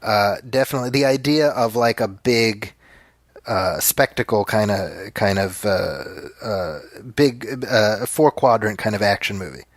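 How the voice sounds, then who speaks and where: A man's voice: lowish voice, unhurried, dry recording. Easygoing man with dry wry commentary. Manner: easygoing, hedging with fillers, dry wry jokes. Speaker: podcast co-host. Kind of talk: casual movie commentary.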